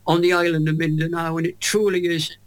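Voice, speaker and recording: A Welsh man in his eighties, a guest in an interview, telling a faith story with lively storytelling. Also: a little high, a little fast. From Wales. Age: 80s. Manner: animated storyteller acting out quoted voices.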